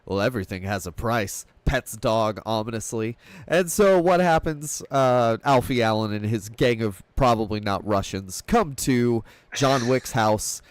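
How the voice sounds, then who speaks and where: A man's voice: mid-range voice, smooth, dry recording. Rambling man, dry close sound. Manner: rambling, laughs often, retells scenes in quick quoted voices. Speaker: film podcast host. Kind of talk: casual film discussion.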